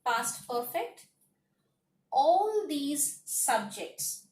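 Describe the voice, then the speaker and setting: A woman teaching a grammar lesson, slowly listing words one by one and repeating her points. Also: high-pitched, very animated, far from the mic. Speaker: English teacher. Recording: echoey room, voice off-mic.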